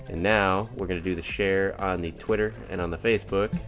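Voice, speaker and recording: A man with a very low voice chats loosely through a live game stream, wandering off track and cheerfully laughing at his own clumsiness. His talk stays easygoing and upbeat. Faint music plays quietly underneath. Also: fairly even intonation, unhurried. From United States. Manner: rambling, upbeat, self-mocking. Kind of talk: casual live-stream chat.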